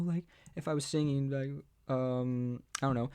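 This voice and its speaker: A young man talking casually to camera about voice impressions, rambling with many fillers and jumping into squeaky character voices. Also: lively intonation, brisk, hardly any pauses, a little mellow. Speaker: voice impressionist, video host.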